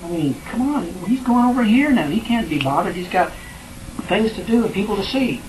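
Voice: mid-range voice, animated, fairly quick, noisy background, voice pushed up, close to an everyday voice. A teacher voicing an impatient, dismissive crowd. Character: impatient crowd brushing off beggars.

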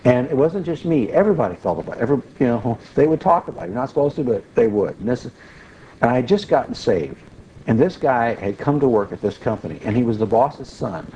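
A man giving a Christian teaching, telling a personal story in a folksy, animated way with frequent restarts. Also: medium pitch, a little fast, dull audio, a little hiss or hum. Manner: folksy, animated when retelling, restarts often. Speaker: Bible teacher.

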